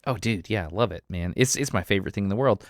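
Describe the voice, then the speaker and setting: A man's voice: lowish voice, fast talker, no room sound, clean studio sound. A man with an Alabama accent, a podcast guest in casual conversation, candid and self-deprecating, laughing often.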